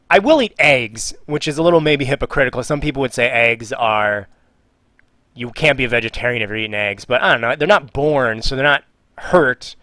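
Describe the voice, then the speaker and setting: A man's voice: fairly high pitch, fairly bright tone, dry recording. Joking man chatting on a live stream. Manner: jokey, reads viewer questions aloud; trails off and mutters while working. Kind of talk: casual live-stream chat.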